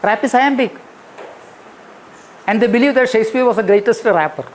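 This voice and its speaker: A man's voice: very high voice, normal speed, slight background noise, rough recording. A man giving an academic lecture, emphatic, repeating key phrases and counting out rhythms. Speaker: guest lecturer. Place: lecture hall.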